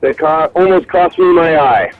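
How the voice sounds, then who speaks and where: A man calling a radio show to tell a story in a relaxed way. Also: on the high side, normal speed, dry recording, faint music behind. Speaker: caller. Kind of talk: telling a story on a phone-in. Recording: tinny phone line.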